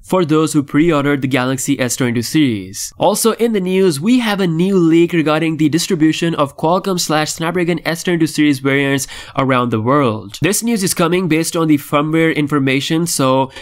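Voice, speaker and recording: A man's voice: a little high, moderate pace, hardly any pauses. A man hosting a tech news vlog, delivering scripted updates in an upbeat, enthusiastic way. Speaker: tech channel host.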